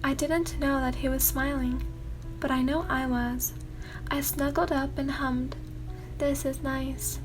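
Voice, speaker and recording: A woman softly reading a sleepy ASMR story at an unhurried pace. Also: high voice, little pitch movement. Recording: music playing underneath.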